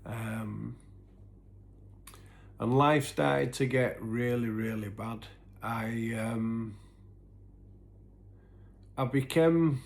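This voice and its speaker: A man telling his own story in an earnest, halting way, full of restarts, and sometimes sinking to a near-whisper. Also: medium pitch. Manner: sinks to a soft, breathy near-whisper at painful moments. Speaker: recovery vlogger. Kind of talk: personal confessional storytelling.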